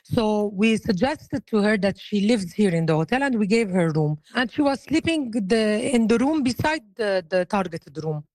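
A middle-aged Lebanese woman with an accent, speaking English as a second language to an interviewer over the phone, halting, with many restarts. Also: mid-range voice, animated, darkish tone, dry recording, poor audio. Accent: Lebanese Arabic. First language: Arabic. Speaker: interviewee, hotel owner.

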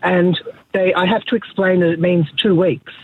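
A woman's voice: fairly low pitch, level tone, normal speed, husky. A woman calling a radio show, telling an anecdote in an amused way. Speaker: caller. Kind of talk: talkback call. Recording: tinny phone line.

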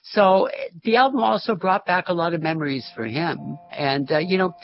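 Speaking at a normal speed in a voice on the high side, an older ex-music teacher recounts stories during an interview, chuckling regularly. The recording is dull and lo-fi.

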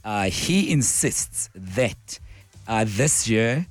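A man with a South African accent hosting a morning radio talk show, his voice croaky and hoarse, chatting and thinking aloud. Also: fairly low pitch, expressive, extremely slow, no echo, soft background music. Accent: South African English. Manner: chatty, warm greetings, thinking aloud with fillers. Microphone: studio microphone, close and dry.

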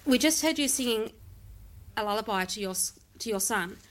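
A woman interviewer asking short, plain questions in a brisk manner. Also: a little high, lively intonation.

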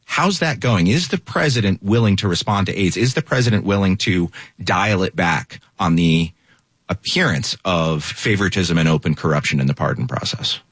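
A man's voice: low voice, expressive, normal speed, a bit bright, breathy edge, dry recording. A man anchoring a news panel, setting up stories and leading questions to his guests.

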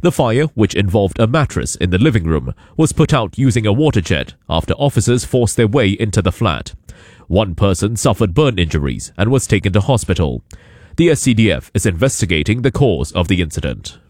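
A man reading a radio news bulletin in a measured, formal way. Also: on the low side, sing-song, darkish tone, dry recording, clean studio sound. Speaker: newsreader.

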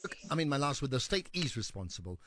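A man's voice: medium pitch, sing-song, fast talker, fairly bright tone, dry recording, studio quality. A man hosting a call-in radio show, responding to callers and arguing his points firmly. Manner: argues firmly, rising to emphatic appeals. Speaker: radio talk show host. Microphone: studio microphone.

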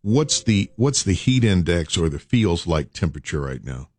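A man's voice: low voice, sing-song, normal speed, darkish tone, no echo. A man hosting a radio show, urging listeners with preacher-like repetition. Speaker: radio host. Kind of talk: morning radio talk.

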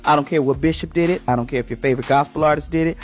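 A woman's voice: deep voice, rapid-fire. A woman hosting a morning radio show, giving an emphatic, preachy inspirational talk in a sermon style. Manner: preachy, emphatic, acts out quoted voices.

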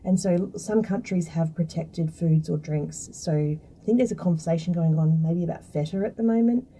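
A woman's voice: lowish voice, moderate pace, warm tone, recorded from a distance, a little hiss or hum, poor audio. A woman, chatting casually as a guest and explaining food science with lots of fillers. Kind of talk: casual interview talk.

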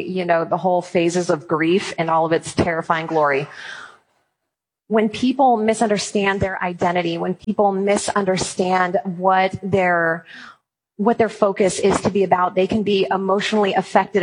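Husky-voiced woman telling stories with humor. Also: mid-range voice, poor audio. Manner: animated storytelling with playful humor. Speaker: Christian speaker on apologetics and parenting. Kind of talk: talk to an audience.

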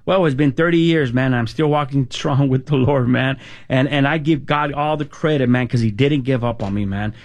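A middle-aged man telling his personal testimony, casual and halting, often repeating words and saying "man". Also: medium pitch. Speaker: guest sharing testimony.

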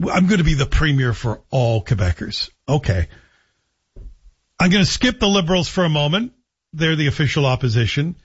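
Husky sarcastic talk radio host. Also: male voice, medium pitch, dull audio. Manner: sarcastic, joking asides. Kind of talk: opinionated radio commentary.

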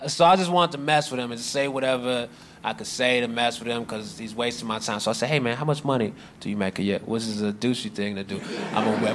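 A man's voice: mid-range voice, steady tone, quick pace, noisy background. A man telling a stand-up story in a sardonic, conversational way, now and then slipping into mocking voices. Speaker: stand-up comedian.

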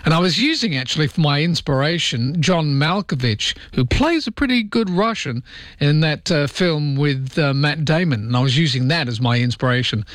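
A man's voice: a little high, expressive, normal speed, a bit bright, no echo. A man with an Australian accent hosting overnight talkback radio, chatty and rambling, often poking fun at himself. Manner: chatty, rambling, self-deprecating. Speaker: radio host. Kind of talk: late-night talkback radio.

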